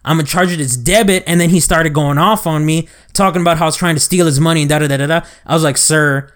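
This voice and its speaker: Young guy, podcast co-host, slightly higher voice, acts out both sides of the story. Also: fast talker. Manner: animated retelling with quoted dialogue. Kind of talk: casual chat, storytelling.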